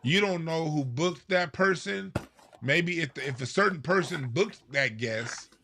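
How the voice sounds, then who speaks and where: A man's voice: a little high, a little slow, vocal fry, a little hiss or hum. A man hosting a podcast, commenting on clips he plays and repeating points for emphasis. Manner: animated, breaks down clips, repeats himself for emphasis. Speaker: podcast host reacting to clips. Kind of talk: commentary over played clips.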